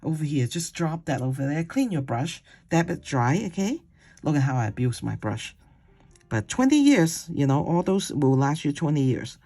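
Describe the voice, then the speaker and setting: A watercolor instructor giving a casual painting demonstration, chatty and digressive, who coaxes gently and ends steps with "okay?". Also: mid-range voice, animated, normal speed.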